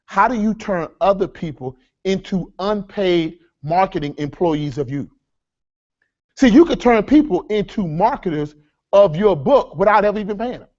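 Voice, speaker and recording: A man leading a live workshop seminar, energetic and repetitive, with a preacher-like cadence as he addresses the audience as folks. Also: high voice, highs cut off. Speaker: workshop speaker.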